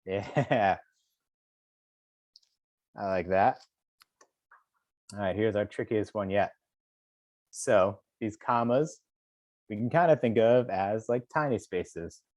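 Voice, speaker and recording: Guy teaching poetry over a video call, counts out claps real slow, encouraging, dry sound. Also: fairly low pitch, darkish tone, dry recording. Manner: encouraging, counts beats aloud, rhythmic. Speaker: poet teaching a workshop for teachers. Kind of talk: leading a virtual workshop with clap counts.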